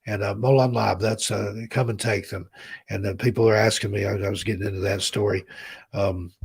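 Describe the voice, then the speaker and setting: A man in his fifties from the American South hosts a relaxed live stream and drifts between stories and greetings to viewers. His voice is low and gravelly with a husky edge. He talks in a rambling, heartfelt way. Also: brisk. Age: 50s. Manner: rambling, heartfelt, reads chat names aloud. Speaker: host. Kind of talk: casual live-stream chat.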